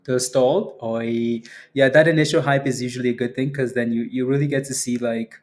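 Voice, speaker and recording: A man's voice: medium pitch, steady tone, normal speed. A man hosting a casual stock trading livestream, joking around with his viewers and laughing often.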